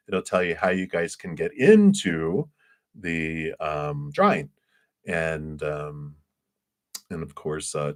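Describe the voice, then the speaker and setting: A man giving a tarot reading on a livestream, meandering and searching for words, with gentle, affectionate sign-offs. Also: low-pitched. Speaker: tarot reader.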